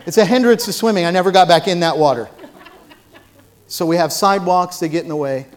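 A man with a fairly high voice preaching from a church platform. He tells funny stories, then builds to loud, emphatic preaching. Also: fairly quick, some chatter behind. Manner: storytelling with humor, rising to loud preaching. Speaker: pastor. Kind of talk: sermon.

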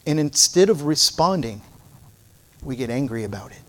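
A man's voice: medium pitch, expressive, normal speed. A middle-aged male pastor preaching a sermon, moving from playful storytelling to fervent exhortation.

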